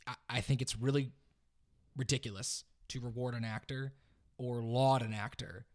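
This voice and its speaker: A man in a casual podcast conversation with a mid-range voice. He talks in an animated, opinionated way and jokes easily. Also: mid-range voice. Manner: animated, opinionated, quick to joke. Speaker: podcast co-host. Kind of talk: casual chat.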